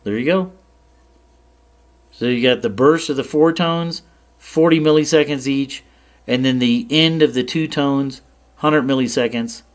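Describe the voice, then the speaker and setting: A man at mid pitch talks a viewer through software settings in an easygoing tutorial. He explains in a plain, relaxed way and stops now and then to check that the viewer is following. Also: a little slow, long pauses. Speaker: ham radio tutorial host. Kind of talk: casual screen-share tutorial.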